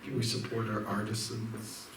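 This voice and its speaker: A man's voice: on the low side, completely flat delivery, moderate pace. A man, a monk from Canada, giving an informal devotional evening talk, rambling through stories with many fillers and restarts. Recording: roomy hall, distant mic, faint noise.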